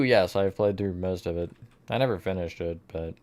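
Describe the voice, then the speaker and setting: Building live on stream, this man speaks at a moderate pace in a low voice with a darkish tone. He's chatty and self-mocking, often laughing at his mistakes and responding to chat mid-task.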